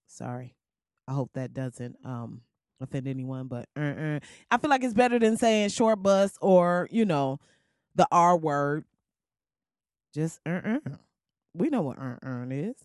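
A woman's voice: on the low side, moderate pace, no echo, clean studio sound. Laughing, slangy woman podcast host. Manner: loud, laughing, slangy and animated. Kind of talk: casual comedic podcast monologue. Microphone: crackly podcast mic.

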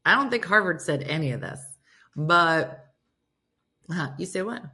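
Female morning-radio host, sassy, lively, bright tone. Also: lowish voice, unhurried. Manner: sassy, animated, laughs often. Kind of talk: casual morning radio chat, reading and reacting.

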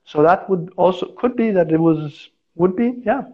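A man's voice: high voice, expressive, moderate pace. A man who works as an arborist, telling stories in a casual interview and acting out the voices in his anecdotes. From India. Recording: dull, lo-fi sound.

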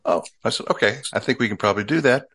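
A man's voice: fairly low pitch, rapid-fire, a bit bright. An older man recalling his radio days in a casual, matter-of-fact way. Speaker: former radio executive, guest. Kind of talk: casual storytelling conversation.

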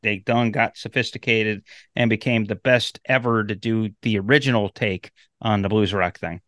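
A man's voice: lowish voice, fairly even intonation, moderate pace, a bit bright, dry recording. Rambling man, dry close sound. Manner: rambling with many fillers and profanity. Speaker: podcast co-host. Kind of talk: casual chat.

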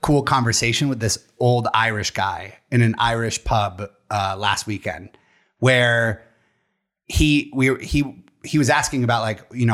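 A man's voice: mid-range voice, unhurried, fairly bright tone. A young man co-hosting a podcast, telling stories in a rambling, casual way and swearing now and then. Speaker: podcast co-host.

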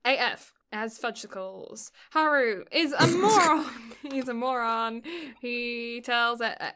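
A woman's voice: fairly high pitch, unhurried, sharp tone, smooth. A young woman in casual chat, telling stories in a rambling way and often laughing between words. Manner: rambling storyteller, often laughing mid-sentence.

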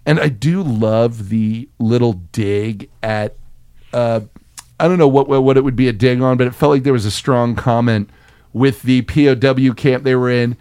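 A man's voice: medium pitch, moderate pace, clear, resonant tone, no room sound. A middle-aged man from Texas co-hosting a podcast, telling stories in casual, profane chat. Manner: profane, animated storytelling. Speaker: podcast co-host.

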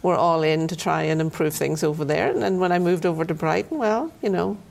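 Northern Irish woman with a gravelly low voice. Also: fairly quick, darkish tone. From Northern Ireland. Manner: friendly, storytelling with small restarts. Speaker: city councilor guest. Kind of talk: casual interview chat.

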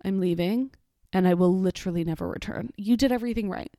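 A woman hosts a casual solo podcast, chatting along in an amused, filler-filled way. Her voice is warm and mellow. The sound is dry and close, with no room around it. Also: medium pitch, fast talker, no room sound. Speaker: podcast host.

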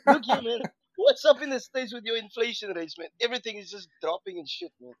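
A man's voice: very high-pitched, expressive, fast talker, vocal fry, rough recording. A man from South Africa calling into a stream, talking in a laid-back, casual way. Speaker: caller. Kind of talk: casual chat.

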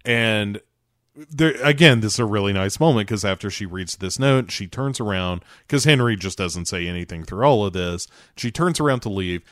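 A man co-hosting a podcast, recapping a TV episode in casual chat with animated storytelling. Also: fairly low pitch, normal speed, no echo, clean studio sound. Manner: animated storytelling, acts out characters' lines. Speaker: podcast co-host.

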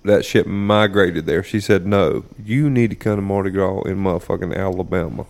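A man with a lowish voice talks bluntly over drinks with friends. His stories wander and are full of swearing, told in a loose, casual podcast manner. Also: moderate pace, gravelly, a little mellow. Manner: blunt, profane storytelling with drawled asides. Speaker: podcast co-host. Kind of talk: casual chat among friends.

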